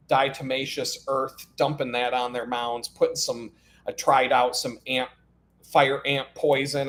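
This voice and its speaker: A man telling stories on a live stream, animated and profane, breaking into laughs. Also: a little high. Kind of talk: casual storytelling on a live stream.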